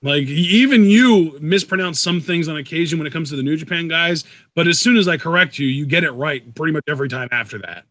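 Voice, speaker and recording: A man co-hosting a live wrestling reaction stream, chatting and calling moves in quick play-by-play. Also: fairly high pitch, a bit bright, dry recording. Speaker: co-host, wrestling commentator. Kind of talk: casual live reaction commentary.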